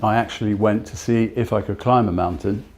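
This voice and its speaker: A man's voice: on the low side, fairly even intonation, darkish tone. Older man telling personal stories. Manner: halting, with frequent restarts and fillers. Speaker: speaker giving a talk. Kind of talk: personal storytelling talk.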